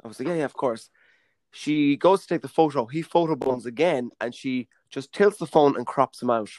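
A man's voice: medium pitch, brisk, a little mellow, dry recording. A man co-hosting a podcast, telling a story in a teasing, joking way. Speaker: podcast co-host. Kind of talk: casual storytelling chat.

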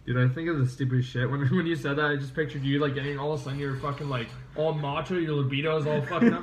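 A man's voice: fairly high pitch, steady tone, quick pace, few pauses, distant mic. A young man talking as a podcast guest in casual chat, laughing often and answering with short quips. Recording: roomy audio with crowd noise.

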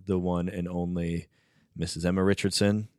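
A man's voice: deep voice, flat delivery, moderate pace, a little mellow, smooth, no echo, studio quality. A man who is a pastor hosting a podcast, chatting casually with upbeat, joking banter.

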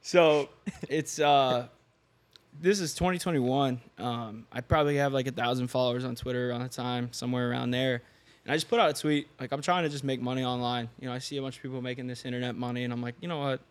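Animated young man telling a story. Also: mid-range voice, quick pace. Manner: animated, laughs often, acts out quoted dialogue. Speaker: podcast guest, online fitness coach. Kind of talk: casual storytelling chat.

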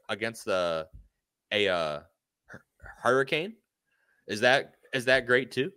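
Man, talk co-host, sarcastic, lively intonation, dry close sound. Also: mid-range voice, slow pace, long pauses, clean tone, no echo. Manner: animated, sarcastic. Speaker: podcast co-host. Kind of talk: casual political chat.

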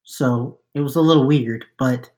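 A man co-hosting a casual podcast, calmly correcting and adding details. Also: mid-range voice, unhurried. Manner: corrects and adds details, easygoing. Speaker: podcast co-host. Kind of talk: casual chat about a TV show.

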